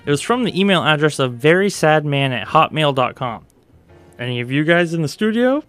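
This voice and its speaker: A man's voice: a little high, animated, brisk, fairly bright tone, smooth, soft background music. A man hosting a late-night comedy radio show in a studio, with jokey, ironic banter.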